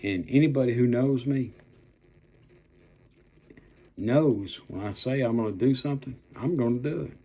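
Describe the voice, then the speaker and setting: An older man rants in anger, blunt and full of profanity, drawing out the words he wants to hit hard. His voice is husky and a little rough, with a dark, mellow tone and no sparkle to it. It has the feel of a heated monologue to camera. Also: mid-range voice. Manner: blunt, profane and threatening, with drawn-out emphatic words. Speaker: political commentator. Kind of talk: angry political rant.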